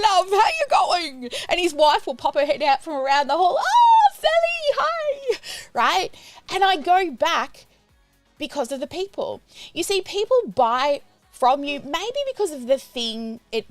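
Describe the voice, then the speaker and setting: A middle-aged woman, a business coach teaching on a livestream in a bubbly, loud and energetic way. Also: high voice, no echo.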